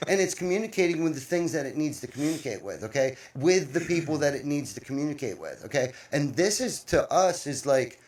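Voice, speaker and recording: A man hosting a casual podcast, telling workplace stories in a blunt, animated way with some swearing. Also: a little high, brisk, few pauses. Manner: animated storyteller, blunt and profane. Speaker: podcast host, business owner. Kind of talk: casual chat.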